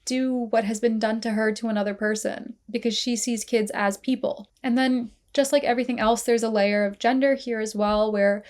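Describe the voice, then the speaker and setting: A woman's voice: on the high side, normal speed, hardly any pauses. A young woman with a tired, strained voice hosting a casual film review and animatedly analyzing characters. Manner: animated, acts out characters' lines while retelling scenes.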